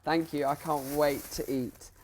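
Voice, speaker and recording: A man's voice: fairly high pitch, fairly even intonation, a little slow, a little hiss or hum. Hesitant, self-deprecating man, actor guest. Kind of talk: casual interview chat. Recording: clear music behind voice.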